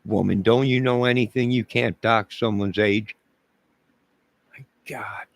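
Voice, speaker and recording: A man's voice: fairly low pitch, fairly even intonation, normal speed, vocal fry, no echo. A man livestreaming, joking with his chat in a mock-indignant way and talking back to viewers.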